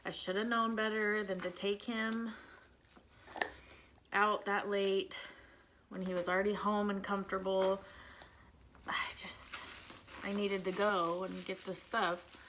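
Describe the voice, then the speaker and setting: A woman's voice: medium pitch, little pitch movement, slow, pauses often, noisy background. A woman, chatting candidly as she does her makeup at home and venting about her son. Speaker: vlogger, mother of an autistic son. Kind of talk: casual makeup vlog chat.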